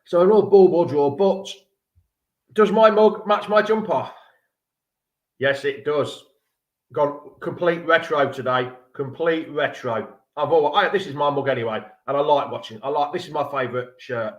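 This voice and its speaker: A man's voice: a little high, moderate pace, echoey room, muffled recording. A man hosting a live fan-show stream from his home, rambling casually and joking with viewers in the chat. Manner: chatty, rambling, jokey banter with viewers. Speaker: fan channel livestream host. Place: room at home.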